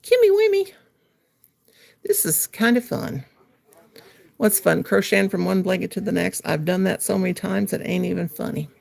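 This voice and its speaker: A woman's voice: on the low side, fairly even intonation, moderate pace, gravelly. A woman hosting a casual livestream from home while she crochets, telling a meandering story and chatting with viewers. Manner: rambling storyteller, reads out viewer comments. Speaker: livestream host.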